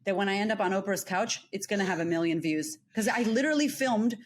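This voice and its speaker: An American woman in her thirties tells her story as a guest with lively energy. She acts out quoted conversations as she goes. Her voice sits in an everyday middle pitch. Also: fast talker. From United States. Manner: animated, acts out quoted dialogue. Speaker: guest, confidence coach. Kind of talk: candid interview storytelling.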